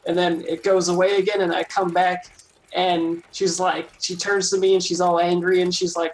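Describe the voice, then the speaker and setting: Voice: medium pitch, flat delivery, a little fast, low-quality recording. A player in a tabletop game, giggly and rambling with many fillers. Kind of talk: tabletop game role-play.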